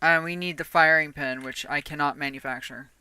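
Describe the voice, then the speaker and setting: Forceful, crisp-voiced woman game streamer. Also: deep voice, fairly even intonation, brisk, dry recording. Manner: chatty and profane, laughs often. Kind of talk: casual gaming stream chat.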